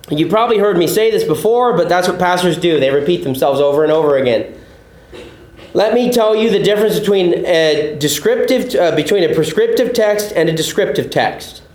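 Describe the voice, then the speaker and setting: A male pastor teaching a sermon with a fairly high voice. He works through the text patiently, repeating his points and asking his listeners questions. The room around him rings with echo. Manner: explanatory, repeats points, asks the audience questions.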